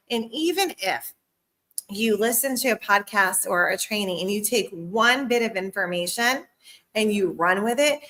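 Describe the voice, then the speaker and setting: A woman's voice: medium pitch, bright, forceful tone. A woman leading a live-streamed sales training at home, upbeat and chatty, with a cough and frequent laughs.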